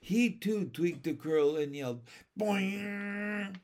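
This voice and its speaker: A man narrating a children's book aloud with steady, expressive storytelling. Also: a little high, slow pace.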